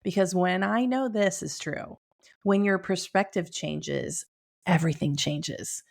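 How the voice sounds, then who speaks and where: Creaky-voiced upbeat middle-aged woman host. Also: lowish voice, measured pace. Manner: upbeat, chatty, laughs often. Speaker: podcast host. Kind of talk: casual wellness talk. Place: home room with bookshelf.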